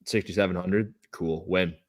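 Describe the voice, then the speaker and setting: A man's voice: low voice, steady tone, normal speed. A man from the United States co-hosting a podcast, teasing his friend in casual chat and saying "dude" a lot. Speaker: podcast co-host.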